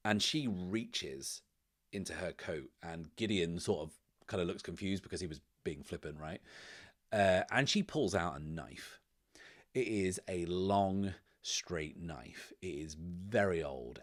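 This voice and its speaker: A man hosting a solo tabletop game, casually narrating and explaining rules, whispering to himself as he rolls dice. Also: sits low. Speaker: host and solo game player.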